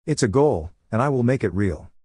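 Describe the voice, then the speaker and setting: A man's voice: fairly low pitch, a little fast, darkish tone, dry recording, clean studio sound, close to an everyday voice. A man reading the lines of a cold, serious teenage boy ninja who speaks in a firm, curt tone.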